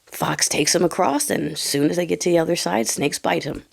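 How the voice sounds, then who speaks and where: A woman with a hoarse, fading voice giving blunt opinions in a conversational vlog. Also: lowish voice, brisk. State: hoarse, losing her voice. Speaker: vlogger.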